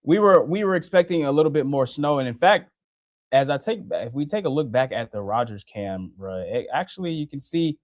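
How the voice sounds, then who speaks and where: A man's voice: on the high side, lively intonation, brisk, no echo. Chatty young weatherman, dry sound. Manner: chatty, laughs often, restarts while working the radar. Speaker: TV meteorologist. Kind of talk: casual live-stream weather update. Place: TV station studio.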